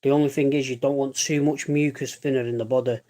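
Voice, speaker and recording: This vlogger from Britain, who has a lung condition, talks fast on his livestream in a warm, steady, medium-pitched voice. He rambles casually, cracking jokes and swearing now and then.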